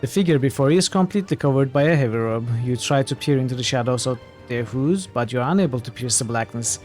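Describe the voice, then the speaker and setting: Man, let's-play streamer, mid pitch, reads dialogue aloud, jokey asides, faint game music. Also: fast, a little mellow. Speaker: streamer playing a role-playing game.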